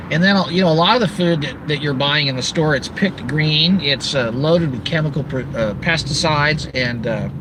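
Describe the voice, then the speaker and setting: High-voiced ranting man outdoors. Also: noisy background. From Southern California. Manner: animated, ranting, sarcastic asides with shouted outbursts. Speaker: channel host. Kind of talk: ranting monologue to camera.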